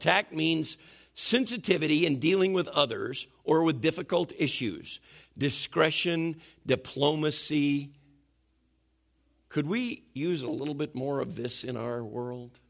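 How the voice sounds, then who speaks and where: A male pastor preaching in an animated, conversational sermon style. His voice is a little higher than most men's, with lots of gravelly fry, and his pitch swings widely as he talks.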